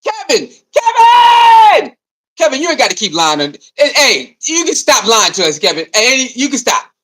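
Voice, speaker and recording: A man's voice: sits high, brisk, low-quality recording. A man giving a heated, mocking sports rant, often acting out other people's voices in asides. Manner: animated, mocking, mimics coaches in asides. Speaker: sports commentator.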